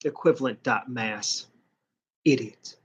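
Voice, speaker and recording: A man's voice: mid-range voice, slow, a bit bright, husky. A man talking in a casual rambling vlog, a college student ranting about his day in a profane, self-mocking way. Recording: slightly muffled lo-fi audio.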